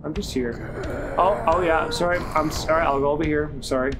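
This let's play gamer keeps up casual, frantic commentary while playing, swearing and poking fun at himself. His voice is medium-pitched and fairly quick, with game music behind it.

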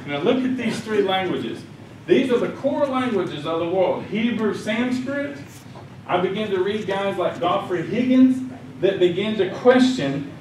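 Animated man lecturing in an echoey hall. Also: high-pitched, recorded from a distance, slight background noise. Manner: animated storytelling with quoted voices. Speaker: conference speaker. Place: conference hall. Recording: echoey hall, speaker off mic.

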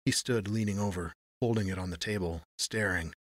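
A man narrating a noir story in a measured storytelling manner. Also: deep voice, dry recording, clean studio sound.

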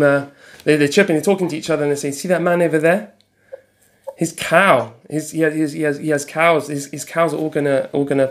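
A man giving an informal Torah talk, retelling a story in halting speech with many repeated words. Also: sits high.

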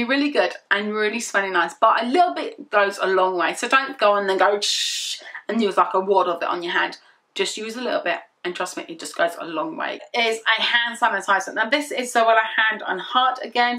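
A woman's voice: medium pitch, pushed and bright. A young woman chatting casually through a product review, rambling and repeating herself as she gushes. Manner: rambling, repetitive and gushing. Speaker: beauty vlogger.

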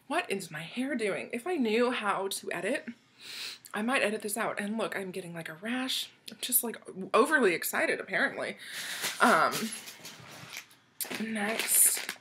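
A woman's voice: medium pitch, animated, unhurried, pauses often, pushed and bright. Bubbly young woman gushing over gifts. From United States. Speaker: vlogger opening a swap package. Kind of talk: casual excited unboxing chat.

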